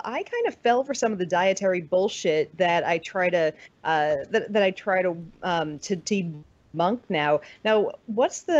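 A woman's voice: mid-range voice, a little mellow, no room sound. Candid American woman, dry lo-fi audio. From United States. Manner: candid, swears freely, laughs often. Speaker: podcast guest. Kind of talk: casual chat. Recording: dull lo-fi podcast audio.

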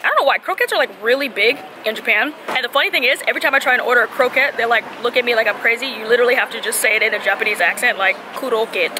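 A young woman from California talks excitedly into a handheld camera, her voice bright and high and peppered with fillers. She narrates a casual travel vlog outdoors. Clear street and crowd noise runs behind her the whole time. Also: rapid-fire, few pauses. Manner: chatty and excitable, many fillers. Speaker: travel vlogger. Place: outdoors in a busy park and street.

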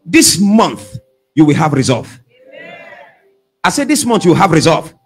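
A man preaching a sermon as pastor, calling out questions for the congregation to answer and shouting at the peaks. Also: on the high side, very animated, a little slow, creaky, breathy edge.

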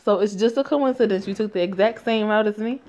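A woman's voice: medium pitch, fairly quick, darkish tone, close to an everyday voice. A woman voicing an irritated young woman who gives curt replies, reading her lines in a story game. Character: annoyed young woman on winter holiday.

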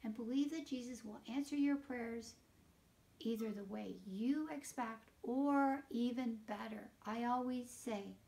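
A woman leading a children's liturgy, reading scripture aloud and explaining it to children in an animated storytelling way, sometimes dropping to a whisper. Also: fairly high pitch, a little slow, vocal fry. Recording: voice picked up from a distance.

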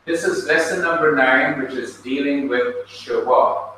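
A Jamaican man teaches a classroom lesson at a very slow, patient pace, spelling words out letter by letter. His voice is bright and forceful. He sounds set back from the mic in a very echoey room with faint noise. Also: mid-range voice, distant mic. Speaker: Bible college teacher. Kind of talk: classroom lecture.

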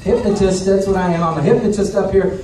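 A man's voice: sits high, steady tone, fast. A man working as a stage hypnotist, playfully repeating himself and ordering volunteers around during a live show. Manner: repetitive, playful, commanding audience. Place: large venue with audience. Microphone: handheld stage microphone from afar. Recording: echoey room, distant mic, noisy.

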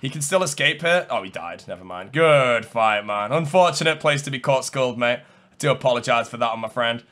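A young man giving live gameplay commentary, chatting to his viewers, calm and muttering one moment and shouting the next. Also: medium pitch, a little fast. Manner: chatty, talks to viewers and opponents. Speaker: gaming streamer.

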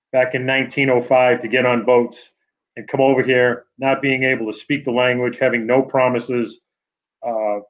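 A man with a New England accent giving an award acceptance speech over a video call, halting with many fillers and restarts. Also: mid-range voice, lo-fi sound. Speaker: award honoree.

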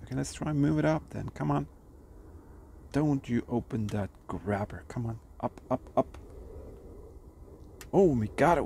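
A middle-aged man talking through a casual vlog, excited and talking to himself and to viewers, outdoors in freezing cold and later in a workshop. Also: medium pitch, moderate pace, vocal fry, pauses often, slight background noise. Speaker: history hunting vlogger.

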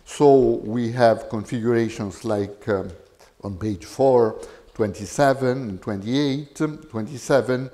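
A middle-aged man giving an academic linguistics lecture, measured and full of hesitations. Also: medium pitch, dark tone. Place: lecture hall.

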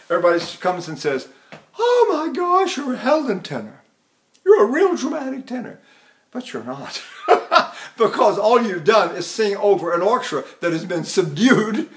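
A man's voice: a little high, a bit bright. An older man teaching vocal technique in a chatty, anecdotal lecture, turning to his students with asides and breaking off to sing bits of opera. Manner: addresses students directly with frequent "see?".

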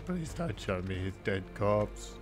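A man giving crude, excitable commentary over a video game playthrough, taunting the characters and cheering loudly. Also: on the low side, measured pace, soft background music. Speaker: gameplay commentator.

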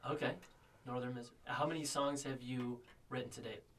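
A man hosting a casual band interview, easygoing and quick to laugh. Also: mid-range voice, fairly even intonation, fairly bright tone, slight background noise.

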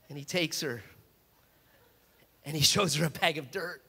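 A male preacher delivering an animated sermon, his voice high and bright. He often restarts his phrases as he tells his story, and the long reverb of a large church sanctuary hangs on every word. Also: normal speed, gravelly, pauses often, breathy edge.

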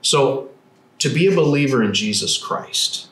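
A man's voice: mid-range voice, expressive, a little slow, a bit bright. Earnest pastor man in an echoey room. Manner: earnest, explanatory, repeats words when restarting. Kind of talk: devotional Bible teaching in conversation.

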